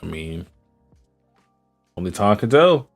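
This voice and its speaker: A man's voice: lowish voice, big pitch swings, slow pace, gravelly, faint music behind. A man co-hosting a podcast in casual chat, laid-back and hesitant, with many fillers. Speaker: podcast co-host.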